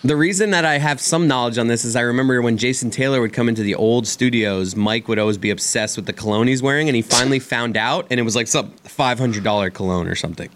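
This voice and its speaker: Male co-host, mid-pitched, quick teasing rambler, faint background hiss. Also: fairly bright tone. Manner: teasing, rambling with many fillers. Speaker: radio co-host. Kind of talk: casual sports-radio banter.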